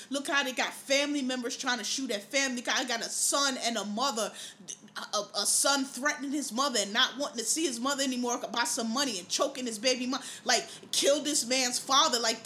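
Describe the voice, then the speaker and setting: A woman hosting a podcast, talking in a casual, profane monologue and telling animated stories with plenty of laughter. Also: fairly high pitch, a little hiss or hum. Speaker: podcast host.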